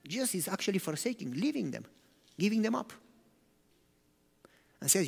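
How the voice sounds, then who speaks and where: Animated male preacher in a reverberant hall. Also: extremely high pitch, normal speed, vocal fry, pauses often. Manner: animated, swings from loud to hushed. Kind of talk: sermon.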